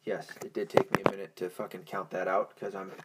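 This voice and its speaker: A man's voice: deep voice, little pitch movement, fairly quick, heavy background noise. A young man hosting a podcast in a casual, profane, rambling monologue, stoned and easily distracted. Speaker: podcast host.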